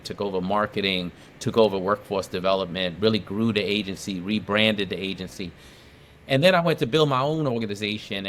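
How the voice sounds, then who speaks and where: Emphatic storytelling man, low-pitched voice. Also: fairly bright tone, a little hiss or hum. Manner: emphatic, repeats phrases for effect. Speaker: podcast guest, advocate. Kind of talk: casual storytelling interview.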